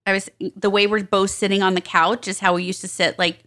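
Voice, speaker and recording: A woman guest in a casual chat, jokey and animated as she tells stories. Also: mid-range voice, brisk.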